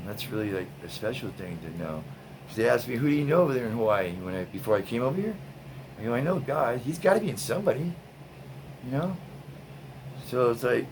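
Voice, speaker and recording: A laid-back man talks straight to his viewers, stretching out his words and filling them with "man" and "you know." Music plays clearly behind his voice. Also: mid-range voice, low-quality recording. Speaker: tie-dye video host. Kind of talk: casual storytelling to viewers.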